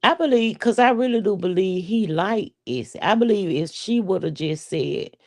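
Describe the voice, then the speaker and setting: Woman, mellow low voice, casual rambling commentary, blunt and profane. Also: animated, moderate pace, few pauses. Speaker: show commentator. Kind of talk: casual reaction chat.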